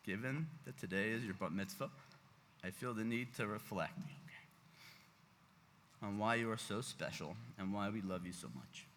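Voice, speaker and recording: A man's voice: lowish voice, moderate pace, long pauses, a bit bright. A man giving an emotional, heartfelt speech as the father at his daughter's bat mitzvah, fighting back tears. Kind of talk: parent's speech read at a ceremony. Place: large synagogue sanctuary. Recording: reverberant hall, faint background noise.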